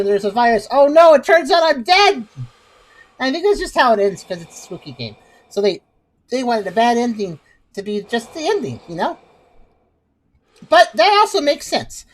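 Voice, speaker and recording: Chatty woman with a higher voice. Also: rough recording. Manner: chatty, joking, wry. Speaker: gaming video host. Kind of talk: casual let's-play commentary.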